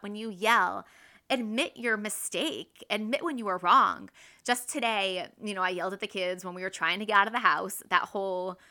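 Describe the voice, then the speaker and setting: A woman in her thirties hosting a casual, faith-based parenting talk, earnest and quick to act out her own everyday examples. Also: mid-range voice, pushed and bright. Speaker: podcast host and mother.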